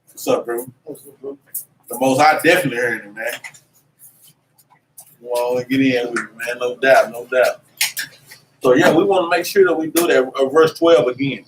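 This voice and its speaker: A man teaching a religious class in an animated, preachy way, with lots of slang and repeated "man". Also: medium pitch, moderate pace, pauses often. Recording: echoey room, mic at a distance, faint noise.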